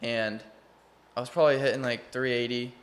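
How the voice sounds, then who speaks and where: A man's voice: mid-range voice, level tone, fairly quick. A young man from Texas with a Texan accent, a college baseball player guesting on a podcast, telling his story in an earnest, rambling way. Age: young adult. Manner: rambling, restarts often, earnest. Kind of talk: casual interview chat.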